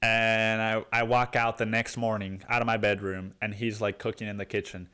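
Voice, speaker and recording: A man's voice: fairly low pitch, little pitch movement, moderate pace, bright, forceful tone, smooth. Profane, rambling male podcast ranter. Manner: profane, rambling, says "dude" constantly. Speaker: podcast host. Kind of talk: solo rant podcast. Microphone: podcast microphone.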